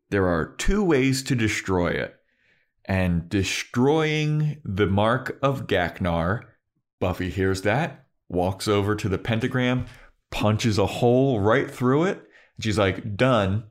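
A podcast co-host with a fairly low, expressive voice speaks slowly as he casually recaps a TV episode. He acts out the characters' lines while laughing.

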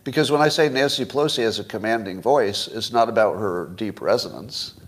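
A man's voice: on the low side, brisk, husky. A man in his sixties hosting a casual solo commentary stream, wry and chuckling, quizzing his audience as he talks. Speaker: podcast host.

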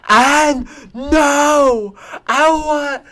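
A man imitating his two-year-old nephew, a whiny toddler boy making slow, drawn-out demands in a high voice. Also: a bit bright, full character voice. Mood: whining.

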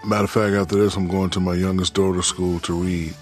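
A middle-aged man answering interview questions in a relaxed storytelling way, often saying "you know". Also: deep voice, a little fast, faint music behind. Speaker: interview guest, author.

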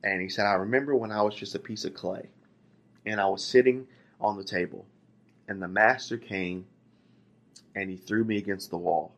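A man's voice: lowish voice, steady tone, moderate pace, long pauses, a bit bright. A man voicing a talking antique teacup that recounts, in the first person, being shaped by a potter, in a plain preaching voice. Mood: recounting. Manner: pleading storytelling in first person. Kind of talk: sermon illustration.

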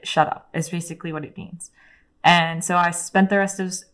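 Candid young woman with a low voice. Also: fairly even intonation, fairly quick, fairly bright tone. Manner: candid, profane, heavy use of "like". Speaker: interview guest. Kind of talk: casual storytelling.

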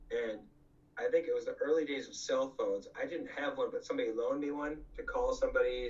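Profane rambling storyteller man, distant mic. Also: mid-range voice. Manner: profane, laughing, rambling with many fillers. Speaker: punk band frontman guest. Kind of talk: casual anecdotal storytelling. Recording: slightly distant, dull lo-fi mic.

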